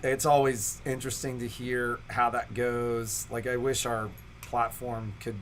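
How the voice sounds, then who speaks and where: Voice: mid-range voice, flat delivery, measured pace, a little hiss or hum. A co-host of a shop livestream chatting casually and thoughtfully, rambling with fillers, from the sewing shop. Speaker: store co-host.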